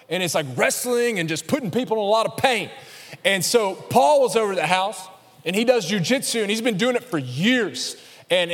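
A man in his thirties preaches to his church, his voice sitting high for a man. He tells a story with humor, slipping into acted-out quotes, and a long hall reverb trails his words. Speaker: pastor. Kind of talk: sermon. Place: church sanctuary.

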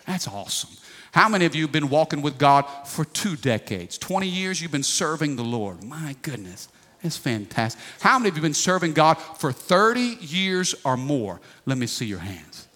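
A man's voice: on the high side, big pitch swings, normal speed, bright, forceful tone. A pastor in his forties preaching a sermon, folksy and emphatic, calling for responses from the congregation. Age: 40s. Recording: long reverb of a large hall.

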